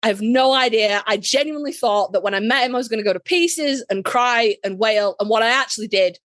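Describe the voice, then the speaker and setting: A woman's voice: on the high side, fairly quick, no echo, clean studio sound. Sassy Yorkshire woman telling a story. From Yorkshire, England. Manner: sassy, profane, animated storyteller. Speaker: podcast guest. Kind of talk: casual storytelling chat.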